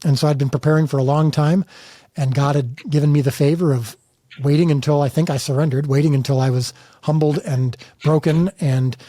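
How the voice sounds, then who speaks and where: A man's voice: fairly high pitch, steady tone, fairly quick, warm tone, no echo, clean studio sound. A middle-aged man from the United States, a filmmaker telling stories in a candid interview with emphatic, earnest restarts. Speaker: filmmaker guest.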